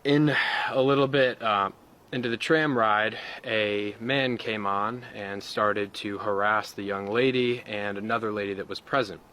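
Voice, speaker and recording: A young American man giving an earnest, measured account of an attack he witnessed. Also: on the low side, steady tone, a bit bright. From United States. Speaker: interviewee describing an attack. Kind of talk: recounted eyewitness account.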